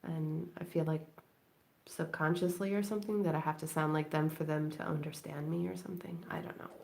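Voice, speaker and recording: Brief: woman live-stream crafting host, lowish creaky voice, chatty and rambling, laughs often. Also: fairly even intonation, brisk, a little mellow. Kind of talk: late-night casual chat while crafting. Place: at home indoors.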